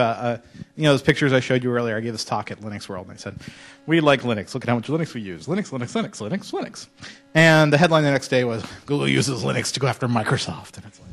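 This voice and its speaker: Man, conference talk, casual, joking storyteller, lecture hall, mid-pitched voice. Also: a bit bright. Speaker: conference speaker.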